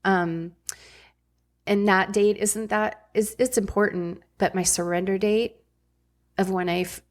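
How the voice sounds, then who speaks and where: A woman's voice: mid-range voice, fairly even intonation, unhurried. A middle-aged woman, a podcast guest and former ER nurse, telling her story candidly in a blunt, casual way with frank swearing.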